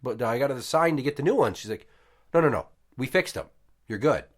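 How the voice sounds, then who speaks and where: A man's voice: medium pitch, quick pace. Man, thirties, podcast host, swearing storyteller, voices other people in the story. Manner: profane, animated, acts out quotes. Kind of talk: casual storytelling.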